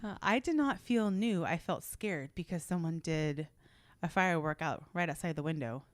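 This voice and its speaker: A woman in her thirties co-hosting a podcast, chatting casually and telling animated stories with frequent laughter. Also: on the low side, normal speed, no room sound. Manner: laughs often, animated storytelling. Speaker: podcast co-host. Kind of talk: casual chat.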